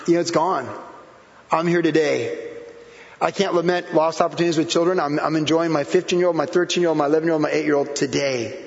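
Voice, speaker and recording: A pastor in his forties preaching a sermon, animated, acting out quotes with whoops and laughter. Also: on the high side. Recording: echoey hall, dull lo-fi sound.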